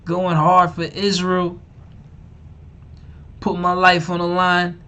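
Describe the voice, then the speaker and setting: A man's voice: high voice, monotone, slow, sharp tone, clear, resonant tone. A man preaching on a live stream, emphatic and repetitive, mocking and slangy. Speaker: online preacher and teacher.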